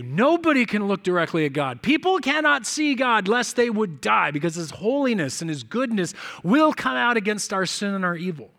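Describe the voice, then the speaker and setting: A male pastor delivers a sermon in a chatty, storytelling way, slipping into quick snatches of acted-out dialogue. His voice sits high for a man and sounds bright. It is preached in a church.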